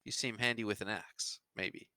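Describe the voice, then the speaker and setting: A man voicing an adventurer trying to recruit a stranger, speaking slowly and persuasively. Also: fairly low pitch, steady tone, bright, forceful tone, voice pushed down.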